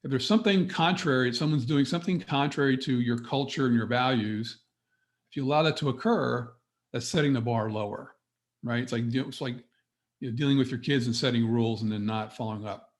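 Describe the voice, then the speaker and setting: A middle-aged man coaching business owners on a webinar, talking straight to his audience in an energetic, motivational way. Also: mid-range voice, fairly quick. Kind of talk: webinar presentation.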